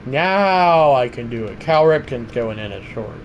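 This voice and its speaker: A young man streaming live gameplay commentary, swinging between loud outbursts and low muttering to his viewers. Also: expressive, a little slow, muffled recording, slight background noise. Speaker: livestreamer.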